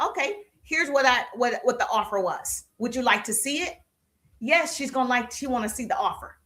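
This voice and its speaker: High-voiced emphatic woman sales coach. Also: pushed and bright. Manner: emphatic, repeats key lines, asks the audience questions. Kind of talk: live-stream sales coaching.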